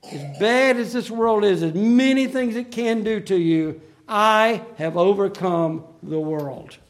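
A man preaching a sermon in an earnest, emphatic way, slowing down to stress key phrases. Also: high-pitched.

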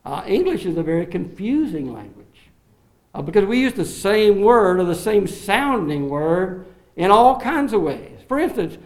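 High-voiced man preaching a teaching sermon. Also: moderate pace. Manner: teaching, animated, with fillers. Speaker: pastor. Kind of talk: expository sermon.

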